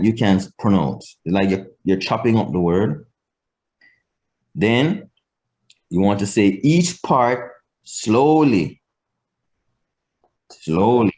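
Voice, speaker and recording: Jamaican man teaching a class, low voice. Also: a little mellow. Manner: patient, repeats key points for emphasis. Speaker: language teacher. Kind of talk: live class instruction.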